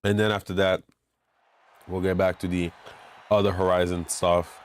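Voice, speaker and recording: A man giving chatty, self-mocking commentary while playing a racing game, getting excited when he pulls ahead. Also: low-pitched, moderate pace. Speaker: gamer commentating his play. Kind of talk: casual gameplay commentary. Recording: game engine noise behind voice. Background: racing game car sounds.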